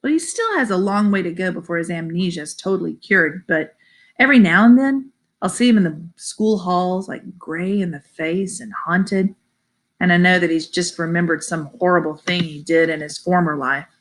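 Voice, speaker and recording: A woman's voice: fairly low pitch, normal speed. A woman reading a middle-grade novel aloud, adding chatty asides that explain phrases to her listeners. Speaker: audiobook reader.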